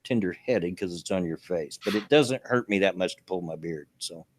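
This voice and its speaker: Older male co-host, low-pitched, folksy rambling delivery. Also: normal speed, a little hiss or hum. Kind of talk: casual chat.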